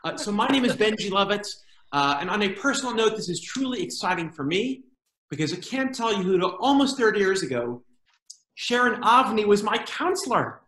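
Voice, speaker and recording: A man doing a stand-up comedy routine over a video call, animated and jokey. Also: sits high, normal speed, reverberant, slight background noise, low-quality recording. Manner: animated, jokey, acts out voices in quotes.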